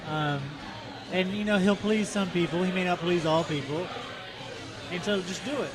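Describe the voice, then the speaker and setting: A man co-hosting a casual podcast, relaxed and asking questions, swearing now and then, recorded in the corner of a bar. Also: sits high, moderate pace. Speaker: podcast co-host. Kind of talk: casual chat. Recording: busy bar crowd behind. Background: bar crowd chatter.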